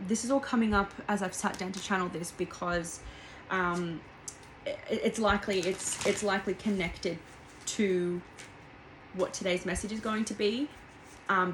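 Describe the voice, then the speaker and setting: A woman's voice: fairly low pitch, a little hiss or hum, poor audio. Rambling young woman doing a tarot reading. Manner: rambling and heartfelt, with frequent fillers and restarts. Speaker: tarot reader. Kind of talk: casual tarot reading monologue.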